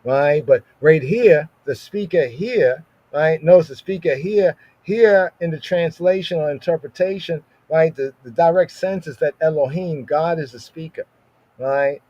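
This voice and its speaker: A man's voice: fairly high pitch, dark tone, highs cut off. Man teaching scripture, "right?" after every phrase. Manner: tags nearly every phrase with "right?", reads Hebrew verses slowly. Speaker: podcast Bible teacher. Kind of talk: informal Bible study teaching.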